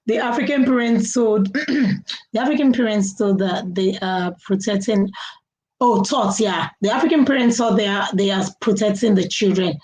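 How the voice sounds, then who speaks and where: A woman's voice: medium pitch, normal speed, a little mellow, poor audio. A middle-aged woman, chatting casually on a live stream, laughing often and talking to viewers. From Nigeria. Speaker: live-stream host reading viewer comments.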